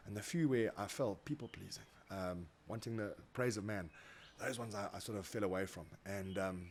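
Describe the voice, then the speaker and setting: A South African man telling stories as a guest in a casual interview, animated, acting out quoted voices and often repeating words. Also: lowish voice, normal speed, a little hiss or hum. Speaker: guest, motivational speaker.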